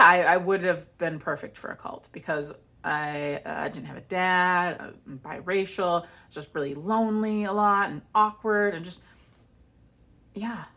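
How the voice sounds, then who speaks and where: Chatty woman vlogger, slightly low voice. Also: a little slow. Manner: chatty, animated storytelling with laughs. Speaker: vlogger and author. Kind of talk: casual chat.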